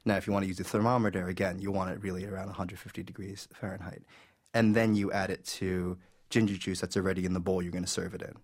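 A man's voice: low-pitched, flat delivery, fast talker. A man, a food editor, explaining a recipe in an enthusiastic, chatty way during a radio interview.

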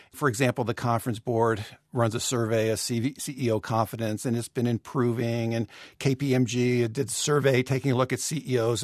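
A man's voice: medium pitch, dry recording. Male correspondent, eager explainer, casual and dry-sounding. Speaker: economics correspondent. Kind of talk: conversational explaining.

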